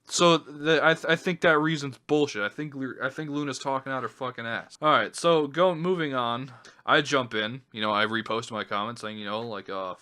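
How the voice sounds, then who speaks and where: Man, bright tense voice, profane, exasperated, ranting vlogger. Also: medium pitch, normal speed, smooth. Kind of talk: angry ranting commentary.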